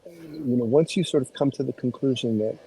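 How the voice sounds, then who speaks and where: Measured man with a mellow voice. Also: mid-range voice, breathy edge, low-quality recording. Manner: measured, builds a point carefully. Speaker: panelist. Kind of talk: thoughtful panel remarks.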